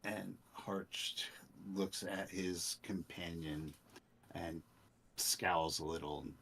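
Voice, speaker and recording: A man narrating a tabletop game as game master, with a halting, relaxed delivery. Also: sits low, slight background noise.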